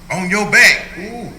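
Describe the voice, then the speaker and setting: A man's voice: high-pitched, bright, forceful tone, echoey room, a little hiss or hum, poor audio. An older man leading an informal Bible study as a pastor, joking and laughing often as he teaches. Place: church hall.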